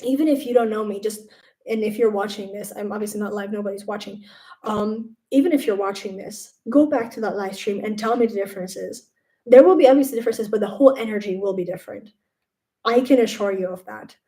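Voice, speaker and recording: A young woman on a casual live stream talks from her room at home, her mellow, warm voice wandering from thought to thought. When she quotes other people her delivery turns animated, then settles back into relaxed chat. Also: medium pitch, a little fast.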